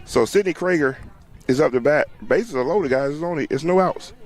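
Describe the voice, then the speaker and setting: A man calls a youth softball game from the sideline in a loose, talkative way. He laughs easily, cheers players on by name and talks to the people watching. He is recorded outdoors at the field. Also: on the high side, brisk. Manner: chatty, laughs often, talks to viewers and players. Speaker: sideline livestream commentator. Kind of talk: casual play-by-play commentary.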